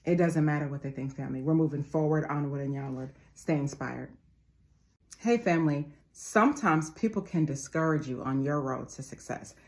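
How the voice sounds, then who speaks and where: A woman's voice: low voice, normal speed, a little mellow. A woman in her forties giving a motivational talk, preaching with repeated phrases and calling her listeners family. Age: 40s. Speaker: motivational speaker.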